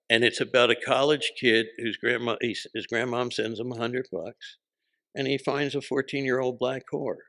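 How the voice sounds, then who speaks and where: Gravelly, bright-voiced storytelling man. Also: medium pitch, moderate pace. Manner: animated, acts out quoted voices, laughs often. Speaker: podcast guest. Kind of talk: storytelling in casual chat.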